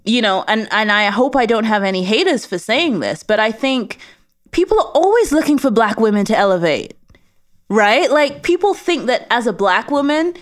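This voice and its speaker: A woman's voice: fairly high pitch, very animated, moderate pace. A woman with a British accent, a guest in an interview, speaking in a confident, emphatic, motivational way. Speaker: guest, space lawyer. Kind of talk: interview conversation.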